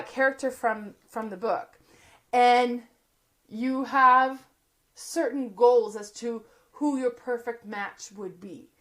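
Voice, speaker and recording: A woman casually reviewing board games, chatty, laughing often and filling her talk with "like" and "you know". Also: fairly high pitch.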